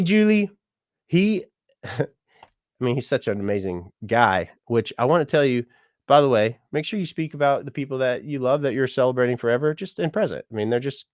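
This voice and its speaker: A man's voice: on the low side, no echo, clean studio sound. A man who works as a musician and mortician, chatting casually on a livestream and reading out viewer comments. He is upbeat and laughs often.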